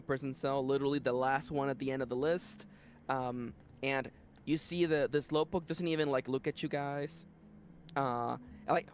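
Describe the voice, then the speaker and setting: A man narrating a tabletop role-playing game as game master, setting scenes in an animated, playful way. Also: on the high side, a little hiss or hum.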